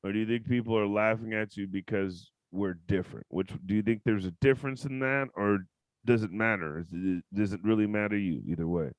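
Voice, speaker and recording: A man hosting a podcast interview, blunt and outspoken, swearing often and breaking into loud outbursts. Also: on the low side, a little fast, no room sound. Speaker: podcast host. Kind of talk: casual interview chat.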